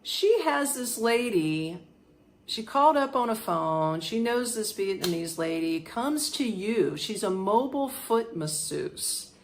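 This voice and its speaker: Animated woman telling a story. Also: on the high side, slow pace, slight background noise. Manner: animated, laughs often, imitates sounds. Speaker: podcast host. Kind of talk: casual personal storytelling.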